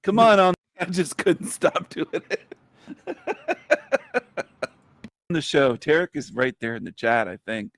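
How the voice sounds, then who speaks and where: Man chatting on a panel, teasing, slow delivery, dry sound. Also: mid-range voice, expressive, creaky, dry recording. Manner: teasing, joking storyteller. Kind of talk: casual online panel chat.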